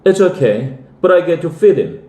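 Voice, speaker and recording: A man reading a storybook aloud puts on a sarcastic older boy who whines and complains. His voice climbs above the reader's own and rises and falls in lively swings. A roomy echo hangs around it. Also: on the high side, normal speed, recorded from a distance, pitched above the performer's own voice. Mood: grudging.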